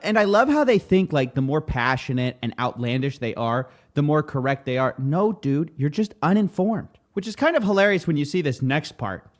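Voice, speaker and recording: A man's voice: a little high, moderate pace, hardly any pauses. A young man hosting a show, giving sarcastic, jokey commentary on video clips. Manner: mocking, animated, jokey. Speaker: host.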